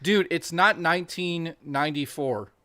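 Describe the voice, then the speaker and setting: Man, forties, Canadian accent, bright and forceful tone, slightly raised pitch, dry close sound, excitable, swears a lot. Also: unhurried, dry recording. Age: 40s. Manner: excitable, profane banter with frequent restarts. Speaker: podcast co-host. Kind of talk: casual chat.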